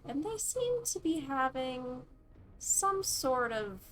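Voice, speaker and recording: Slow-spoken woman running a tabletop game. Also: high voice, faint music behind. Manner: relaxed, hesitant descriptions with fillers. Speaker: dungeon master.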